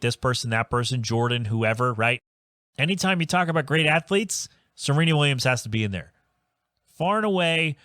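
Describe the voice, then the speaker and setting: A man hosts his own podcast alone, rambling through a rant with exasperated asides and restarts. His voice sits at an ordinary middle pitch. The sound is dry and close, with no room around it. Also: fairly bright tone, no echo. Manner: rambling, exasperated, self-interrupting. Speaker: podcast host. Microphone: home podcast microphone.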